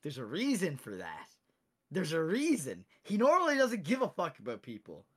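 A young man chatting casually about a tabletop game with friends, animated and laughing, swearing freely. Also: on the high side, normal speed, slightly rough. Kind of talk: casual chat.

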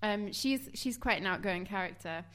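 A woman's voice: mid-range voice, lively intonation, moderate pace. A woman hosting a casual podcast chat, laughing often as she talks. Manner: laughs often, reacts warmly. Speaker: podcast host.

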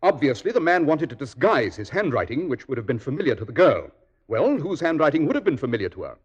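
A brilliant, self-assured detective who lectures and accuses with dry irony in an old radio play. His voice sits a little high and rises and falls with lively emphasis. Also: fast, muffled recording. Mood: explaining. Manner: crisp, ironic, commanding. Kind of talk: 1940s radio acting.

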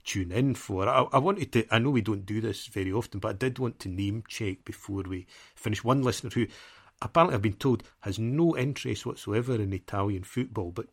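A man's voice: on the low side, fairly quick, breathy edge. A man co-hosting a football podcast, chatting casually in a rambling, self-deprecating way and laughing often. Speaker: podcast co-host.

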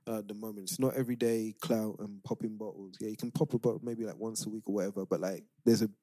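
A man's voice: fairly low pitch, fairly even intonation, fast talker, dark tone, dry recording. A man with a London accent, co-hosting a podcast, giving earnest advice in casual chat and often restarting his sentences. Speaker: podcast co-host.

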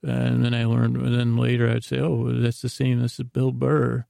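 Gravelly, flat-voiced man rambling sleepily. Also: medium pitch, normal speed, dry recording, studio quality. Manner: meandering, drowsy retelling with many fillers. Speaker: sleep podcast host. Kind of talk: rambling episode recap.

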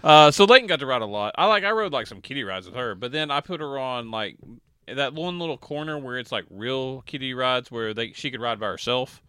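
A man's voice: mid-range voice, lively intonation, brisk, sharp tone, clear, resonant tone, no echo. A young man chatting casually, telling funny stories and acting out the voices of people in them. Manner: storytelling, laughing, acts out quoted voices. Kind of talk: casual chat.

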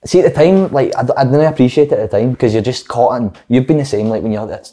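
Fast-talking Scottish footballer, swearing. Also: male voice, mid-range voice. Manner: swears freely, animated anecdotes. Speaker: former footballer guest. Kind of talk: casual storytelling chat.

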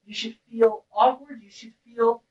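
High-pitched woman teacher going hard at her class, blunt, wailing out sounds, far off mic, dull lo-fi sound. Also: level tone, unhurried. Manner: intense, blunt, breaks into wordless vocal cries. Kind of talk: impassioned lecture to a class. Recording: roomy, distant, dull-sounding recording.

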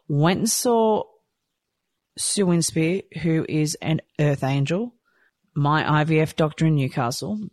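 A woman telling a personal story candidly and from the heart, rushing and restarting her sentences. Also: sits low, darkish tone, no room sound. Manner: heartfelt, rushed, with frequent restarts. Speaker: storyteller sharing a personal experience.

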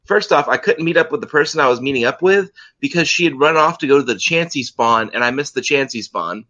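A man's voice: medium pitch, expressive, a little fast, bright, forceful tone. A man co-hosting a casual podcast, rambling on with lots of fillers. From Central Florida. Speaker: podcast co-host. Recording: slightly dull lo-fi mic.

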